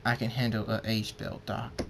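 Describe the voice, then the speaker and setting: A man voicing a proud, hot-tempered male pony king in a read-aloud fan story, talking gruffly and commandingly. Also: lowish voice, flat delivery, moderate pace, background noise. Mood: stern.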